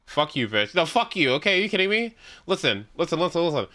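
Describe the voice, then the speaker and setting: A man streaming a story game live, ranting in an animated, profane way and often repeating himself. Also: a little high, fast. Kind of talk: live gameplay commentary.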